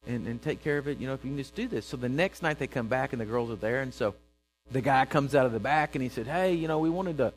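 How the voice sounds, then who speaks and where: A man preaching a sermon, telling a story and acting out its characters with bursts of loud emphasis. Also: medium pitch, fast talker, a little hiss or hum, poor audio.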